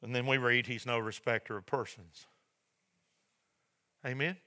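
A man preaching a sermon as pastor, asking the congregation "Amen?" and building to shouted peaks. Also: medium pitch, fairly even intonation, unhurried. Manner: preaching with call-and-response "Amen?" and shouted climaxes.

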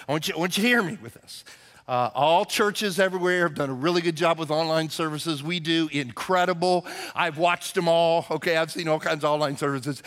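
Bright-voiced, high-pitched male pastor preaching. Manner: emphatic, repeats words when stressing a point. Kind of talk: sermon.

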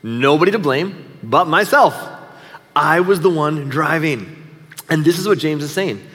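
Middle-aged male pastor, slightly high voice, relaxed storytelling sermon, long hall reverb. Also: measured pace. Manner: storytelling, conversational and self-deprecating.

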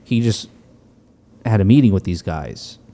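A man casually recapping movie scenes in a relaxed way, with plenty of fillers. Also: lowish voice, a little slow.

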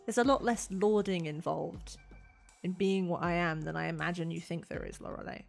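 A proud horned alien woman from a tabletop game, bitter at an old foe, as a game master puts her on. Her low voice stays cool and clipped, full of quiet resentment. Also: fairly even intonation, normal speed, vocal fry, faint music behind. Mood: resentful.

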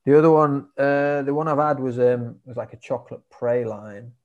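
A man's voice: medium pitch, little pitch movement, moderate pace, phone-quality sound. A man as a podcast guest, chatting casually over a video call and calling his friend "mate". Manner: laid-back, says "mate" a lot.

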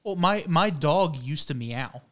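A man's voice: fairly high pitch, expressive, measured pace, a bit bright. Laid-back male podcast co-host. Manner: laid-back, imitates his dog's noises. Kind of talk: casual chat.

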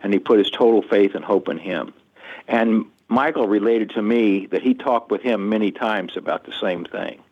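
An older man answering interview questions in an earnest, measured and reflective way. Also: fairly low pitch. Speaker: guest author. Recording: muffled lo-fi audio.

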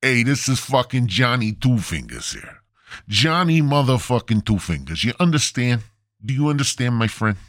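A man's voice: medium pitch, big pitch swings, moderate pace, a bit bright, no room sound, studio quality. A man voicing a tough-talking middle-aged male mobster who makes profane, streetwise threats. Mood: menacing.

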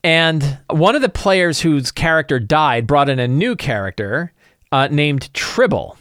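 A man's voice: fairly high pitch, animated, unhurried, fairly bright tone, dry recording, clean studio sound. A man preparing his tabletop game session, rambling with many restarts in casual talk. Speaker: game master.

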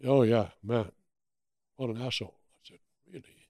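Gravelly older German-accented man. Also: mid-range voice, normal speed, no echo, clean studio sound. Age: 80s. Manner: animated anecdotes with acted-out quotes. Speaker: guest. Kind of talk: storytelling interview.

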